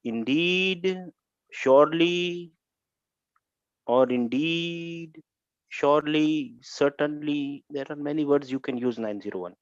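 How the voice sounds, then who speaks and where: A man's voice: on the high side, slow pace, clear, resonant tone, no room sound. Man teacher, earnest and repetitive, dry lo-fi online-class sound. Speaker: Arabic grammar teacher.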